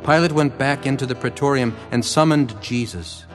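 A man reading a scripture passage aloud in an even, measured way. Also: mid-range voice. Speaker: scripture narrator. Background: faint guitar music.

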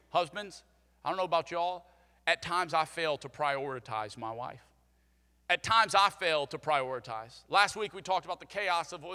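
A young man preaching a sermon, energetic and conversational, leading the congregation to repeat after him. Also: fairly high pitch, in a large hall. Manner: energetic, conversational, leads call-and-response. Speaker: pastor.

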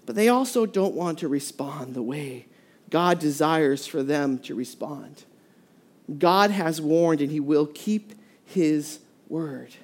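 A preacher giving a sermon, telling a story in a lively way with many restarts and short laughs. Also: medium pitch, slow pace.

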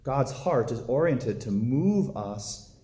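A man's voice: medium pitch, expressive, slow pace, mellow. Man preaching casually in an echoey room. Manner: conversational, storytelling with filler words. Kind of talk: casual sermon.

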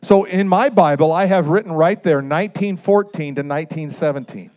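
A man preaches conversationally and briskly, regularly asking the congregation questions. As the pastor, he moves back and forth between emphatic, loud lines and soft, low asides.

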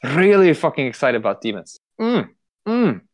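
A man's voice: a little high, very animated, normal speed. A man from Sweden with a Swedish accent, hosting a podcast in a rambling, profane casual chat full of fillers. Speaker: podcast host.

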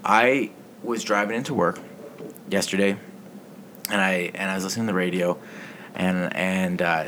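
A man's voice: sits low, steady tone, normal speed, fairly bright tone, slight background noise. A man hosting a casual sports podcast, telling stories in a rambling, swearing way. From Canada. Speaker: podcast host.

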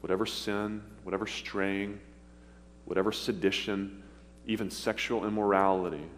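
A man preaching a sermon, earnest and pleading, with pauses as he speaks of his own past. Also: fairly low pitch, steady tone. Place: church sanctuary. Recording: long hall reverb, faint hum.

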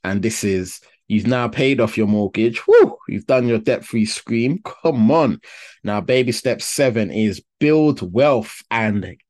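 A man's voice: fairly low pitch, slow pace, a little mellow. A man co-hosting a casual podcast, upbeat and encouraging, often hyping things up. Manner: upbeat, hyping, short affirmations. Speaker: podcast co-host.

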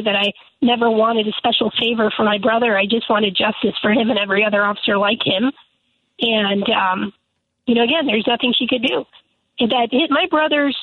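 A woman's voice: on the high side, no room sound. Indignant woman on a tinny phone line. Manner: emphatic, indignant. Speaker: lawmaker guest. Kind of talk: phone-in radio interview. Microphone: telephone.

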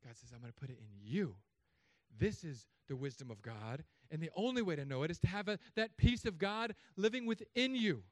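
A man in his thirties preaching a sermon as pastor, telling stories in an animated way with sudden loud, high bursts. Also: fairly quick, few pauses, no echo, studio quality.

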